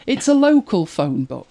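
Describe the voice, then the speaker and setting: Her voice is lowish and warm with a sing-song lilt, and she speaks at a measured pace. As host of a live podcast, this English-accented woman from Manchester chats casually, sharing wry daily-life stories with laughter.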